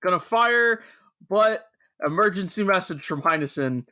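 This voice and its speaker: A man co-hosting a podcast, recapping plot in a dry, measured way during casual chat. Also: high voice, lively intonation, pushed and bright. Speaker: podcast co-host. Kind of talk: casual anime review chat.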